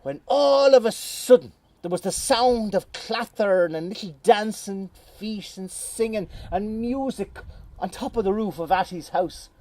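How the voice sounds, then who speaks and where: A middle-aged Irish man telling a folk tale in a lively, playful way with dramatic pauses, outdoors. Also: high-pitched, no echo. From Ireland. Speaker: storyteller. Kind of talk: oral folk storytelling. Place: outdoors on a moor.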